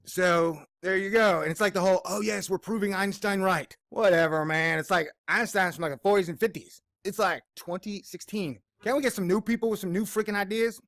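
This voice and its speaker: American guy ranting, cussing and mocking, high pitched, bone dry recording. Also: brisk, hardly any pauses, a bit bright, no echo. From United States. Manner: profane, sarcastic, mocking voices. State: in pain, bad mood. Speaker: video blogger. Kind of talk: angry editorial rant.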